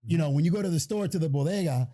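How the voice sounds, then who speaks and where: A man from New York co-hosting a podcast, explaining things in relaxed, casual chat. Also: on the high side, racing, slightly rough. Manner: relaxed, explains with "you know what I'm saying". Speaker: podcast co-host.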